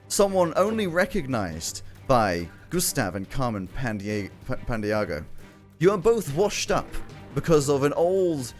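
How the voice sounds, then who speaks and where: Lively man running a tabletop game. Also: mid-range voice. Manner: lively, playful, chuckling narration. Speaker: game master.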